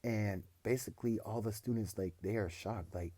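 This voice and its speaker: A man's voice: lowish voice, moderate pace, warm tone, no room sound. A man casually narrating an improvised fan story, rambling and often correcting himself as he goes.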